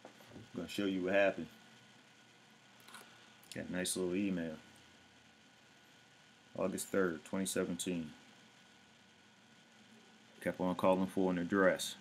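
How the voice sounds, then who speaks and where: A show host in casual commentary to viewers, blunt, profane and exasperated. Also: male voice, deep voice, flat delivery, moderate pace, long pauses, slight background noise.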